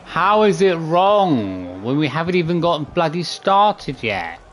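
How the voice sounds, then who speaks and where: A man's voice: on the high side, big pitch swings, unhurried, crowd noise. A man streaming a video game, exasperated, swearing and counting his button presses aloud. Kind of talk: live gameplay commentary.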